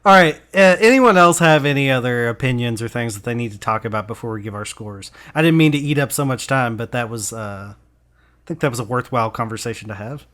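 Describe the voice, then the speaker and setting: A man's voice: medium pitch, a little fast, a bit bright. A man hosting a casual movie review podcast, pressing his co-hosts with questions and debating their points. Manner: questioning, argumentative. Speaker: podcast host.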